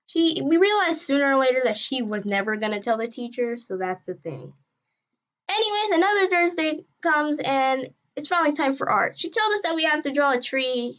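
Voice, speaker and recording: Excitable, rambling woman storyteller. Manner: excitable and rambling, with sudden jumps in pitch and loudness. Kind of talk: casual storytime narration.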